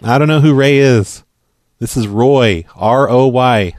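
A man making a prank phone call, talking in a pushy, deadpan, matter-of-fact way. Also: mid-range voice, a little slow, no room sound. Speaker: prank caller.

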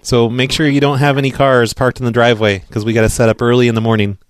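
A man making a prank phone call, talking in a pushy, deadpan, matter-of-fact way. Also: mid-range voice, quick pace, clean tone, no room sound. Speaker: prank caller.

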